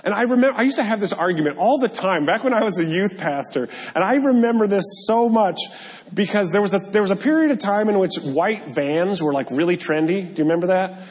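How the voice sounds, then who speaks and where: A male pastor preaching a sermon, animated and joking, with self-deprecating asides. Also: sits high, brisk. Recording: long hall reverb.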